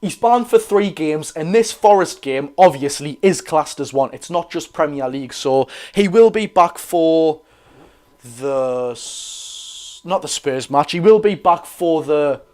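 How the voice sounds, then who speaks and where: A young man with a Geordie accent hosting a live football watch-along, chatting excitably with viewers while chesty and coughing. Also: a little high, measured pace. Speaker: football fan channel host.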